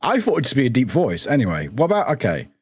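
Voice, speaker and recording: A man's voice: mid-range voice, wildly swooping pitch, fast talker, breathy edge. A young British man chatting casually on a live stream, scattered and swearing, with lots of restarts.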